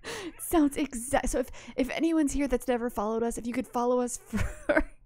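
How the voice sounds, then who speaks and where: A woman's voice: high-pitched, normal speed, a little mellow, dry recording, studio quality. A woman co-hosting a gaming podcast in casual chat, giggling often and swearing casually. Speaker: podcast co-host.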